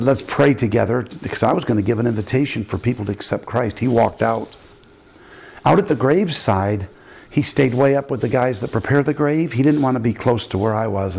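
A man's voice: creaky, breathy edge. An older man, a pastor, telling a story in a sermon and acting out the people in it with big jumps in his voice. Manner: animated preaching, acting out quotes with big pitch jumps.

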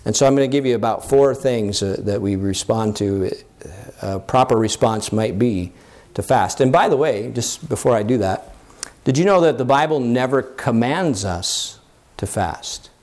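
A man's voice: moderate pace, darkish tone. A man preaching a sermon in an earnest teaching tone, with fillers and restarts, lifting his voice when he quotes scripture. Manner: rises in pitch when quoting scripture. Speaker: pastor.

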